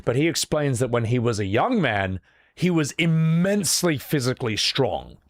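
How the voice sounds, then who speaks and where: A man hosting a casual livestream, telling a story in an animated way with lots of fillers. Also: medium pitch, normal speed, no echo, studio quality. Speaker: show host.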